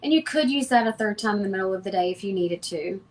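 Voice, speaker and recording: A woman speaking as a homeopath guest in an interview, giving advice in a calm, matter-of-fact, instructive way. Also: mid-range voice, fast talker.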